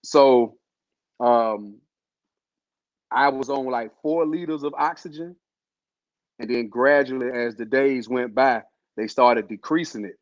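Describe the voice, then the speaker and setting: A man's voice: medium pitch, slow, pauses often, dry recording. A man telling a personal story in a casual, slangy way, full of fillers. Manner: laid-back, slangy, loose with fillers. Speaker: host telling his illness story. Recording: dull lo-fi sound.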